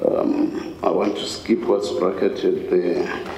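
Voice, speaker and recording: A man questioning counsel from the bench in a courtroom, deliberately reading out quoted phrases and stressing them. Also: deep voice, gravelly. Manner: slow, deliberate, reads quoted phrases with emphasis. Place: large courtroom. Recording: echoey court hall, faint hiss.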